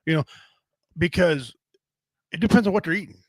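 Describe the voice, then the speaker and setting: A man's voice: on the high side, normal speed, no room sound, poor audio. A middle-aged man hosting a casual podcast chat, talking in a blunt, rambling, folksy way with casual swearing. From Native American.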